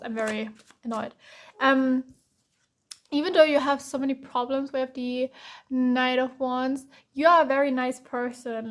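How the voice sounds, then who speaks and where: A woman's voice: high-pitched, slight background noise. A young woman from Germany with a German accent, giving a casual, chatty tarot reading and filling her talk with "like" and "um". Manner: casual, chatty, heavy use of "like" and "um". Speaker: tarot reader. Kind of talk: pick-a-card tarot reading.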